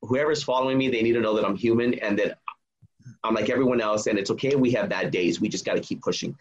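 A man who travels as a public speaker, telling earnest stories in a podcast interview and acting out the dialogue with lively energy. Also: fairly low pitch, quick pace, dull audio, a little hiss or hum. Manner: earnest, animated retelling with quoted dialogue. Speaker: guest, touring public speaker.

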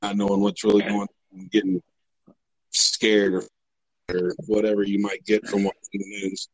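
A man's voice: on the low side, monotone, normal speed, husky, dry recording, rough recording. Profane, rambling man in casual chat.

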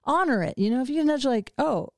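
A woman's voice: high voice, animated, racing, a little mellow, no echo. Middle-aged woman host, casual podcast chat, laughs easily, dry close-mic sound. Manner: chatty, laughs often, self-deprecating. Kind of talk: casual conversation.

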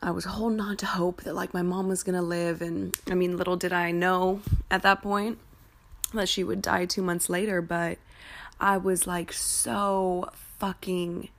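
A young woman telling a painful personal story in a candid, emotional way, swearing freely and often halting and restarting. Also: fairly low pitch, flat delivery, creaky.

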